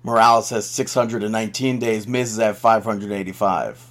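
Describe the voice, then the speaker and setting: A man's voice: lowish voice, fairly even intonation, normal speed, fairly bright tone. A man co-hosting a casual podcast chat, laughing often and acting out quoted lines in bursts. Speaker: podcast co-host.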